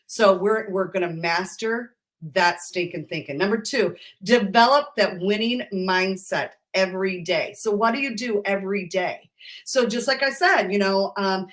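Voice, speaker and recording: A woman's voice: mid-range voice, fairly bright tone. A fired-up woman coaching straight to camera, sassy and emphatic. She sounds like a motivational business coach hyping up her viewers on a live stream.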